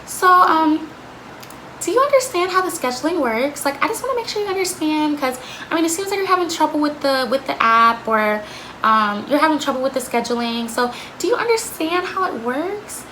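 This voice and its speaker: A woman's voice: high voice, lively intonation, fairly quick, sharp tone, slight background noise, pitched above the performer's own voice, poor audio. A woman doing a sing-song condescending manager. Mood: patronizing. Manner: sing-song, patronizing, ends lines with "yeah?". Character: condescending woman store manager talking baby talk.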